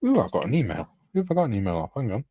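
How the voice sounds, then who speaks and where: A man's voice: mid-range voice, huge pitch swings, very fast, no echo, dull audio. A Welsh man co-hosting a casual livestream, laughing often, telling stories and reading out viewer comments. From Wales. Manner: laughs often, tells anecdotes, reads viewer comments aloud. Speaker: co-host.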